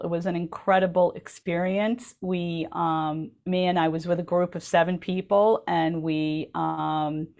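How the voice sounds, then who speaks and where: Gravelly, chatty woman radio co-host. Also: fairly low pitch, a little mellow. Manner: chatty, enthusiastic storytelling with many ums. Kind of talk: casual chat. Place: radio studio.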